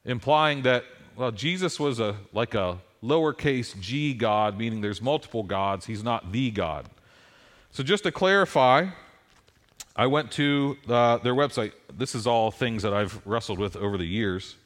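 Speaking unhurriedly in a mid-range voice, a middle-aged male pastor delivers his sermon through animated stories that build in emphasis.

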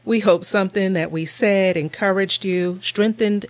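A woman's voice: mid-range voice, fairly even intonation, a little slow, no echo. A woman co-hosting a faith podcast, reflecting on scripture and reading the show's closing announcements. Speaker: podcast co-host. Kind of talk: faith-based podcast talk.

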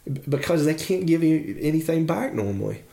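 A man's voice: a little high, animated, fairly quick, vocal fry, warm tone, reverberant. A man preaching a devotional sermon in an earnest, encouraging way.

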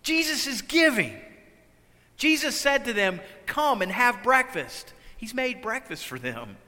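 A man preaching a sermon, swinging between loud, urgent lines and hushed, quiet ones. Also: very high-pitched, sing-song, a little slow, long reverb tail. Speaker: pastor.

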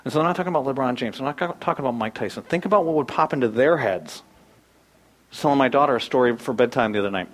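Animated preacher, rises and drops. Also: male voice, medium pitch, fast, poor audio. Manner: animated, swings from loud bursts to hushed asides. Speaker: pastor. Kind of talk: sermon.

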